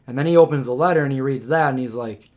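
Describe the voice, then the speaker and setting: Animated male storyteller on a live stream. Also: quick pace. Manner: animated storyteller, acts out quotes with raised pitch; restarts and fillers, conversational.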